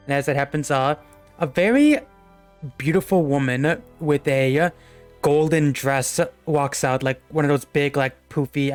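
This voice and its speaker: Rambling game master with a smooth, mid-range voice; hesitant, laughs between beats. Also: medium pitch. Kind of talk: narrating a tabletop game.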